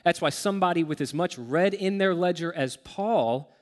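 Emphatic male pastor in a reverberant hall. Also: sits high. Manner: earnest, emphatic, slows down to stress key words. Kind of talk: sermon.

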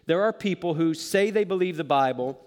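Male pastor, slightly high voice, conversational sermon with self-deprecating jokes, hall reverb. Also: lively intonation, brisk, a little mellow.

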